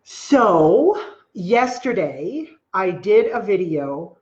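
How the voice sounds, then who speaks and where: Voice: mid-range voice, big pitch swings, extremely slow, a little mellow, highs cut off. A live-stream host with a Long Island New York accent, talking casually and rambling to viewers with lots of filler words and greeting them by name.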